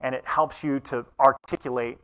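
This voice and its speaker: A pastor preaching a conversational sermon in church, earnest and asking the congregation questions. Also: male voice, medium pitch, fairly even intonation, normal speed, a bit bright.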